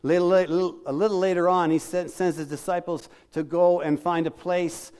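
A middle-aged male pastor preaches with a slightly raised pitch. He speaks conversationally, acts out the lines he quotes, and checks in with his listeners through questions. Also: level tone, normal speed, darkish tone, smooth. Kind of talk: sermon.

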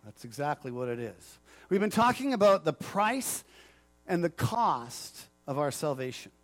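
A man pastor preaching in a conversational sermon style. He jokes with people in the pews. His voice sits fairly high for a man. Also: very animated, unhurried.

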